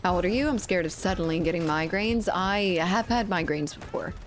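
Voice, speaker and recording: A woman's voice: on the low side, fairly quick, slight background noise. A woman in her twenties from South Louisiana, streaming a shooter game and chatting casually with viewers, joking and swearing often. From South Louisiana, USA. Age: 20s. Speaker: gaming streamer. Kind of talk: casual chat while playing a shooter and reading chat. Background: faint game gunfire.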